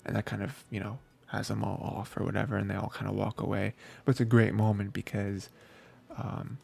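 A man co-hosting a podcast, reviewing an anime in a loose, rambling way, full of fillers and quick quoted asides. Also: fairly low pitch, little pitch movement, creaky, darkish tone, breathy edge. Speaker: podcast co-host. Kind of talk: casual anime review chat.

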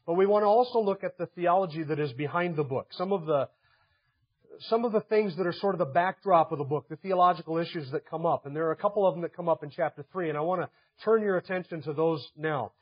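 Pastor, male, high voice, earnest sermon delivery, muffled lo-fi recording. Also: fast talker, breathy edge. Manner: earnest preaching, rising to emphatic stress. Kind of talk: expository sermon.

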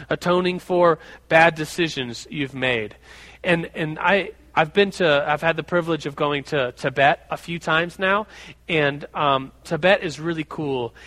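A fairly high-pitched man preaches, bringing a personal story to life with energy and performing the voices of its characters. The recording carries a long hall reverb.

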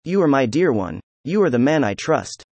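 A man reading the lines of a scornful, hysterical young woman in a novel, in an even, unhurried voice. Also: medium pitch, no echo. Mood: overwrought.

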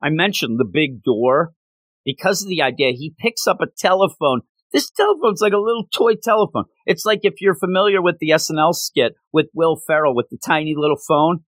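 A man's voice: on the high side, a little fast, a bit bright, no echo, rough recording. A man giving an enthusiastic, rambling recap of a comic book story.

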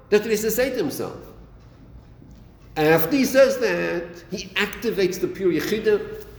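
A man's voice: high-pitched, animated, normal speed. A man teaching a Chasidic text class, acting out dialogue and repeating his phrases. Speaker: Torah teacher. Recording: echoey room with long reverb.

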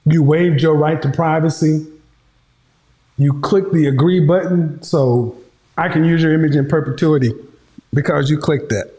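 A man's voice: on the high side, moderate pace, dark tone, roomy sound. A man hosting a casual commentary, teasing and mocking with frequent laughter. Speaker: host.

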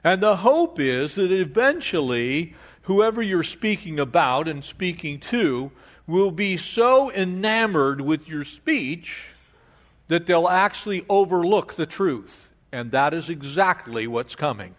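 An older man preaching an expository sermon in an animated, conversational way, often restarting his sentences. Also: on the high side, slow. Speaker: pastor.

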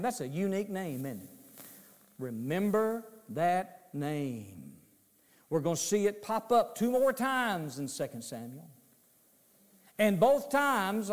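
A man's voice: sits high, big-room sound. A man preaching a sermon to his congregation, emphatic and repetitive, telling the story dramatically.

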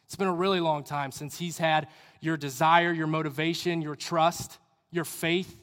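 A man's voice: fairly high pitch, steady tone, moderate pace, a bit bright. Young guy preaching, casual and earnest, kinda rambly, big echoey church room. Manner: earnest, conversational, rambling asides. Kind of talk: sermon. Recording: reverberant hall.

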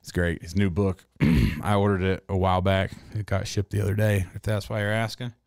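A man's voice: sits low, little pitch movement, fairly quick, gravelly, a little mellow, smooth, no room sound, studio quality. A man in his forties telling rambling, profane stories in casual chat. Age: 40s. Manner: profane, rambling storytelling with laughs.

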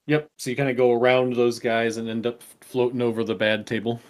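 A man running a tabletop game as game master, making quick casual rulings. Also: medium pitch, flat delivery.

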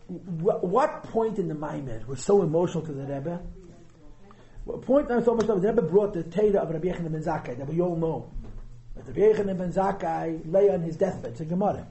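A man's voice: a little high, mellow, reverberant, rough recording. A man, teaching a class on a Chassidic discourse in a conversational lecture style and asking rhetorical questions. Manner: conversational, mixes Yiddish and Hebrew terms, asks rhetorical questions. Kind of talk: lecture on a text.

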